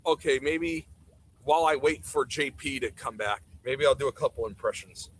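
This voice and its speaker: A man's voice: mid-range voice, moderate pace, a little hiss or hum, low-quality recording. Sarcastic dude ranting on his stream, blunt about it. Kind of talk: casual livestream commentary.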